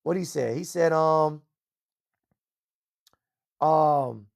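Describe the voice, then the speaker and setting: Speaking very slowly, a man with a fairly high, gravelly voice hosts a livestream talk show. What he delivers is a loud, profane rant full of boasting.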